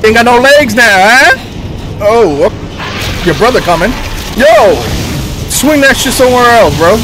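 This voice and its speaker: A young man giving loud, excitable, profane live commentary while playing a game on a headset, laughing often. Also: extremely high pitch, measured pace, background noise. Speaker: gaming streamer.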